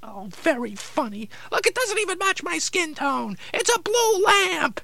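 A squeaky whiny hapless guy. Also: very animated, measured pace, gravelly, bright, forceful tone, no room sound, heavily acted. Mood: grumbling. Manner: whiny, complaining. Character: whiny high-voiced hapless man with a detachable arm. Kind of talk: comedy sketch banter.

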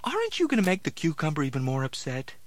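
A man's voice: fairly high pitch, huge pitch swings, fast, no echo. A man hosting a talk show who plays a mild, patient straight man to his dummy. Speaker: host and ventriloquist. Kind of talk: casual talk show banter.

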